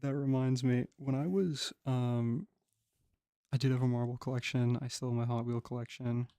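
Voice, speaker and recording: A man's voice: mid-range voice, steady tone, normal speed, dark tone, clean tone, no room sound. A young man chatting casually as a podcast co-host while gaming, laid-back, swearing and laughing easily. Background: keyboard and mouse clicks.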